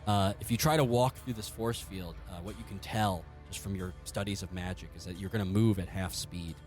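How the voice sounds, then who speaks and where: A man's voice: sits low, brisk, soft background music. A man narrating as game master in a tabletop game, telling the story in a vivid, profane and jokey way.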